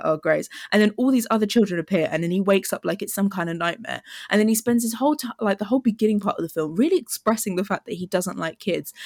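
A woman's voice: mid-range voice, dry recording, clean studio sound. A British woman guesting on a casual film podcast, giggly and playful, slipping into mock voices. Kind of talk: casual film review chat.

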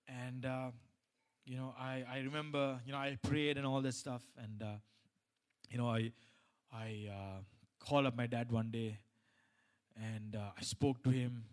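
Male pastor delivering a sermon, rising to loud high emphasis, dropping low for stories, mid pitch. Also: fairly even intonation, measured pace, pauses often. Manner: swings from loud emphatic preaching to quiet personal storytelling; many restarts and repeated phrases.

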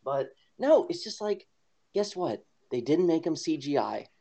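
A man's voice: a little high, big pitch swings, unhurried, vocal fry, warm tone. A man co-hosting a podcast in casual chat, rambling with lots of fillers and frequent laughs. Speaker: podcast co-host. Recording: dull lo-fi podcast audio.

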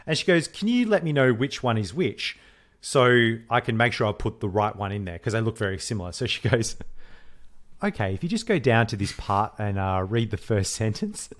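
A man, co-hosting a podcast and telling a story in casual chat, animated, swearing freely and acting out the voices he quotes. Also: lowish voice, normal speed. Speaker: podcast co-host.

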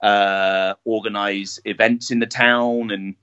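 A man's voice: fairly low pitch, little pitch movement, slow, bright, forceful tone, smooth. A man, a town jester being interviewed, talking casually with many fillers and restarts. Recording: dull lo-fi sound.

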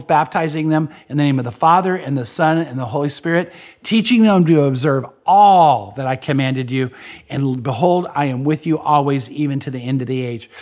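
A pastor delivers a podcast sermon with earnest conviction, circling back to repeat his key points. His voice sits a little high for a man. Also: a little mellow.

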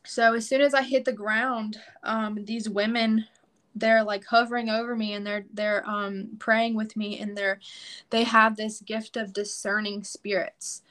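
A woman's voice: medium pitch, little pitch movement, a little slow, a bit bright. A woman guest on a podcast, telling a personal story in a casual, emphatic way and acting out quoted prayers.

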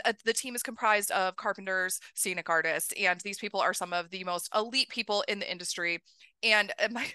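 A woman in her thirties hosting a podcast, telling a story in a casual, animated way, laughing often and acting out what people said. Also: medium pitch, clean tone, no room sound, studio quality. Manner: animated, laughing, acts out quoted voices. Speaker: podcast host.

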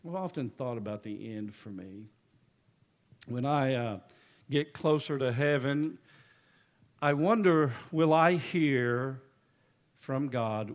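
A man preaching a sermon as executive pastor, telling folksy stories and swinging between loud urging and quiet low asides. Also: slow, pauses often.

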